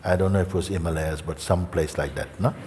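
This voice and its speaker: A man giving a satsang talk as a spiritual teacher, gentle and unhurried, often checking in with listeners by asking questions. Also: low-pitched, steady tone, noisy background. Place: large meeting hall. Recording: echoey hall with faint ambience.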